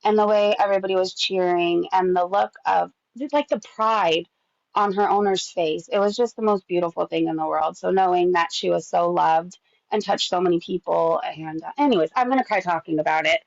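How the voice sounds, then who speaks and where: A woman rambles through casual gossip commentary, chatty and loose with swearing. Her voice carries a gravelly fry. The recording is dry and a little dull. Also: lowish voice, fairly even intonation, normal speed, dry recording. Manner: chatty, swearing, laughs often.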